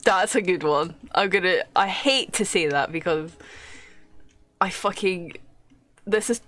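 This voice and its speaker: A woman's voice: lowish voice, measured pace, fairly bright tone. A young woman streaming a game live, chatting casually, swearing often and laughing as she thanks viewers.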